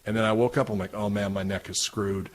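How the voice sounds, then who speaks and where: A middle-aged man from Canada telling a story casually, laughing often and getting animated as it goes. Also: fairly low pitch, quick pace. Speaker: guest, wrestling announcer.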